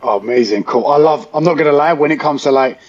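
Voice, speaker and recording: A fairly high-pitched man with a London accent and a husky edge. He hosts a podcast in a loose, animated way, stringing stories together with "right?" and "like". The recording sounds a bit dull and lo-fi. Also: fast talker. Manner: animated storyteller, chatty with many "like" and "right?" fillers. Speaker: podcast host. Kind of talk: casual chat.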